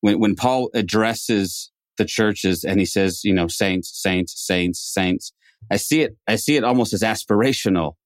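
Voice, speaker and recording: A man's voice: fairly low pitch, moderate pace, few pauses, no room sound, studio quality. A man hosting a podcast in a casual conversation, talking reflectively and often restarting phrases. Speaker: podcast host.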